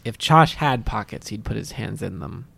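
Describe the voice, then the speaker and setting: A man playing a tabletop game, describing his character's moves with a hesitant, halting manner. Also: fairly low pitch, expressive, gravelly, fairly bright tone. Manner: slow, hesitant, many fillers. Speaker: player.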